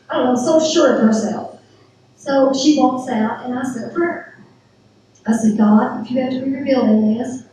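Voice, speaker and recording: A middle-aged woman giving a church testimony, retelling events with lively quoted dialogue. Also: high-pitched, distant mic, slight background noise. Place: church sanctuary. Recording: very echoey church hall from afar.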